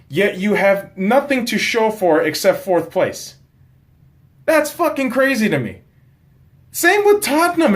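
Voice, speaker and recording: Young man hosting a casual football season review, ranting with lots of swearing. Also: high voice. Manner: profane, animated ranting. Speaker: host.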